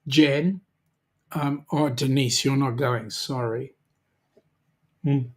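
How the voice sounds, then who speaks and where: Aussie bloke hosting a live chat, slow and easygoing, lots of ums, reads out the comments. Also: male voice, medium pitch, steady tone. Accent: Australian. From Australia. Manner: slow, friendly, with many "um"s, greeting viewers by name. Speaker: livestream host reading viewer chat.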